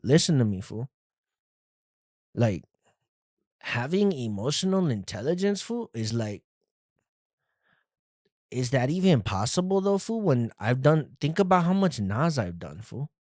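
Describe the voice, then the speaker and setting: A man's voice: medium pitch, sing-song, unhurried, long pauses, darkish tone, dry recording. A podcast host voicing a vulnerable young street dude who drawls slang and ends his phrases with 'fool' or 'dog', recorded on a phone in a dry room. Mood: laid-back. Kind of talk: comedic podcast bit.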